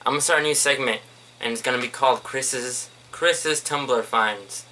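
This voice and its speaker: A young man vlogging at home, rambling in an offhand, joking way. His voice sits at an average pitch and sounds bright. A faint ambient hiss lies behind him. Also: moderate pace, poor audio. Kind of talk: rambling casual vlog.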